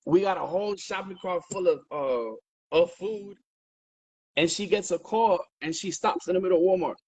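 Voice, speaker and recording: Guest: husky man, higher voice, animated and profane, dry close sound. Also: normal speed, no echo, low-quality recording. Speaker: interview guest. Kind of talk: casual storytelling on a livestream.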